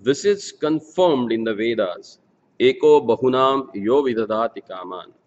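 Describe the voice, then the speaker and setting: A man reading scripture aloud, slowly chanting Sanskrit verses again and again, then giving word meanings and a translation. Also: medium pitch. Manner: slow, measured recitation, verses repeated several times. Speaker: scripture reader and speaker. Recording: dull lo-fi sound with long hall reverb.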